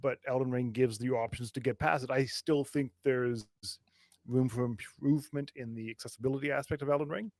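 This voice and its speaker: A man's voice: medium pitch, fairly even intonation, a little fast, a little mellow, no echo. A man co-hosting a gaming podcast in casual chat, earnest and thinking aloud with restarts. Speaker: podcast co-host.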